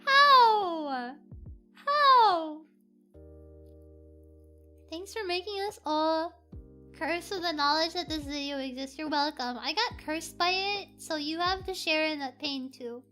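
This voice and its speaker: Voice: high voice, normal speed, sharp tone, soft background music. A VTuber streamer chatting casually on a live stream, giggly and playful, reading chat aloud from a home setup.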